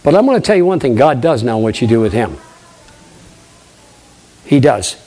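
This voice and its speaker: An older man, a pastor, preaching a lively sermon, acting out conversations and questioning his congregation. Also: medium pitch, normal speed. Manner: animated preaching, acts out dialogue, asks the congregation questions.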